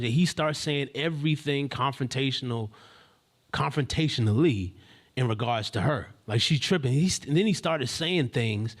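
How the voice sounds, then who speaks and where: A man's voice: medium pitch, moderate pace. A man hosting a live stream, telling a story in a casual, rambling, slangy way with many asides and restarts.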